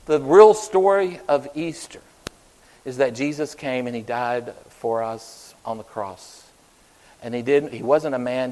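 A man preaching an Easter sermon in an earnest way, rising loud and then falling soft. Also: medium pitch, in a large hall, low-quality recording. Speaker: pastor.

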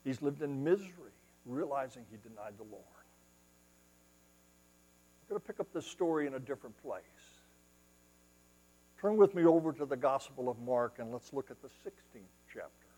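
A male preacher delivering a sermon, retelling scripture as dramatic storytelling, rising to loud exclamations and dropping to hushed asides. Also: mid-range voice, moderate pace, pauses often, slightly rough, big-room sound, low-quality recording.

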